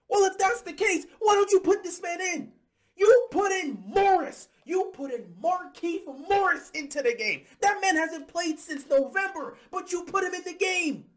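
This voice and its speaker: A man delivering a heated, exasperated fan rant about his basketball team, breaking into shouts. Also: very high voice, expressive, normal speed. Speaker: sports commentator.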